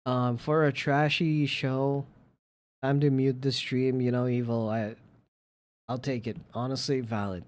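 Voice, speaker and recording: Guy streamer just hanging out and chatting, takes his time, playful and gushy, mid-pitched voice. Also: little pitch movement, measured pace. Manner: gushing and playful, jumps into squeaky high exclamations. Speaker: live streamer. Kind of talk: casual stream chat reacting to viewer pictures.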